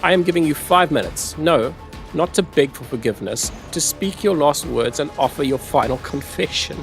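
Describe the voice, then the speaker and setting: A man's voice: fairly high pitch, expressive, moderate pace, vocal fry, faint music behind. A man reading as a defiant rogue trader noble. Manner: defiant, proud, read aloud.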